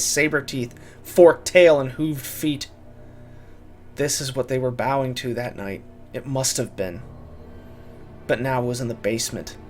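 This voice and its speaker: A man narrating a first-person horror story, dramatic and urgent in his telling. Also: mid-range voice.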